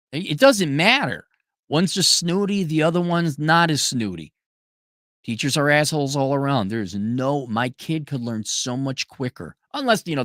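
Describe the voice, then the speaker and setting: Man, show host, casual livestream rant, blunt, sarcastic, swears a lot, dry close sound, medium pitch. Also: fairly bright tone, dry recording. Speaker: show host reading viewer donations.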